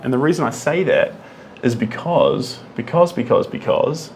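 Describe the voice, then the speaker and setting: A man talks casually while he paints live, humming little tunes and reading out viewer comments as they come in. His voice moves a lot, rising and falling in lively swings. A faint hum of studio noise sits behind him. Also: mid-range voice, moderate pace. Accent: non-American English, rolled R. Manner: chatty, hums and sings to himself, reads out and answers chat comments. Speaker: artist streaming live painting.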